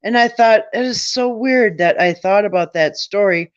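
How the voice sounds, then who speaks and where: A man's voice: high-pitched, normal speed, no echo. A middle-aged man telling a personal story in a casual, rambling way, often restarting and quoting his own thoughts. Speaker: storyteller on a late-night chat. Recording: dull, dry lo-fi sound.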